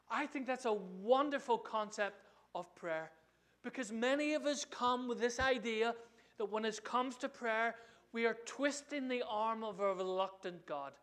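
A man preaching a sermon in an animated way, often asking the congregation questions. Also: very high-pitched, a little slow.

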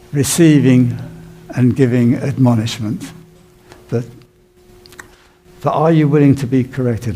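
Mellow-voiced male pastor preaching. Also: mid-range voice. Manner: conversational storytelling with plain emphasis. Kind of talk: sermon.

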